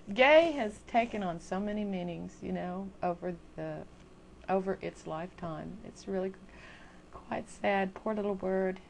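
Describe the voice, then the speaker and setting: A woman's voice: medium pitch, takes it slowly, creaky, pauses often, darkish tone, a little hiss or hum. An older woman ranting casually into a webcam at home, chatty, exasperated and self-mocking. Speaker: video blogger. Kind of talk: casual rant to camera.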